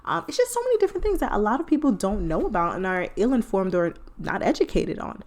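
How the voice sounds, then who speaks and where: Female podcast host, playful chatty delivery, mid-pitched. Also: sing-song, quick pace, darkish tone. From United States. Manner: playful, chatty, laughing asides. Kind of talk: casual solo podcast talk.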